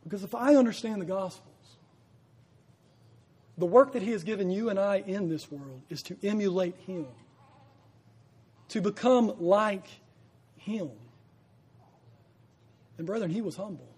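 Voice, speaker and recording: Husky, high-voiced male preacher. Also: lively intonation, a little slow, pauses often, darkish tone. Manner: earnest, rising to emphatic peaks, with repeated phrases. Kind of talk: sermon.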